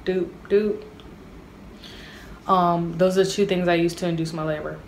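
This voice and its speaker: A woman's voice: on the low side, level tone, fast, creaky, slight background noise. A young woman, chatting animatedly and straight to her viewers in a casual storytime vlog. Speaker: vlogger.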